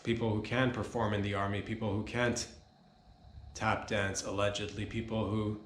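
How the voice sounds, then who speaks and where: A man's voice: fairly low pitch, little pitch movement, normal speed. A man hosting a comedy podcast, rambling in a mock-serious, slangy way. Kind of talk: rambling deadpan comedy monologue. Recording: roomy echo with faint noise.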